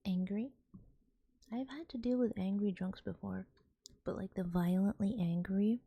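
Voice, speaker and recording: A woman, softly whispering as a streamer telling a story in ASMR style, rambling with restarts. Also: fairly low pitch, creaky, a little hiss or hum.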